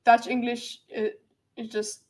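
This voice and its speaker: A woman's voice: fairly high pitch, level tone, a little slow, a little mellow. A woman hosting a casual livestream, rambling and reading viewers' messages aloud with lots of fillers and restarts. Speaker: livestream host.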